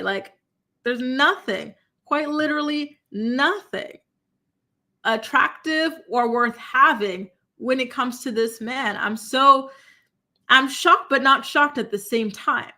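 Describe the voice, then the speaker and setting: Animated woman hosting a livestream. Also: high-pitched. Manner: animated, incredulous, exclamatory. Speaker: commentary show host. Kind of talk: live-stream commentary reading chat.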